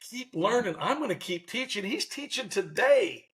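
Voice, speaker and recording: A man in his sixties, a former baseball manager, telling lively stories as an interview guest and acting out what people said. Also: high-pitched, normal speed. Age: 60s. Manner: animated, acts out quotes in voices. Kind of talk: storytelling in a faith interview.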